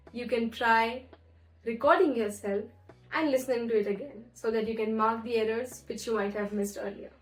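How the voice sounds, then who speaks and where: A woman teaching French pronunciation in an online lesson, explaining clearly and slowing down to model words. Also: fairly high pitch, poor audio.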